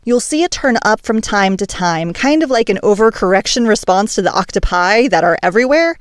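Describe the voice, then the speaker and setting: A woman's voice: mid-range voice, animated, a little fast, clear, resonant tone, no echo, clean studio sound. A woman hosting a language podcast, delivering a scripted monologue in a playful, emphatic, teacherly way. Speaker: podcast host.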